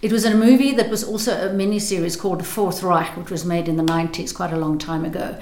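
An older South African actress with a South African accent speaks thoughtfully and hesitantly in an interview, often restarting her sentences. Her voice is lowish and a little mellow, with fairly even intonation and a fast pace, in an echoey room.

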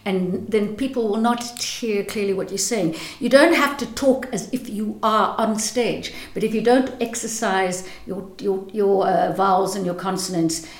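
Actress lady talking craft, thoughtful and articulate, restarts a lot, mid pitch, echoey room. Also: fairly even intonation, a little slow, hardly any pauses. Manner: thoughtful, articulate, repeats words while searching. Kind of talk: interview answers.

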